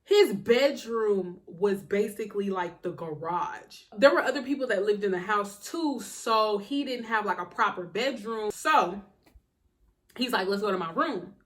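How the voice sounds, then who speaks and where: A young woman telling a personal story in a casual, slangy, animated way in a storytime vlog. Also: medium pitch, a little slow. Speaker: vlogger.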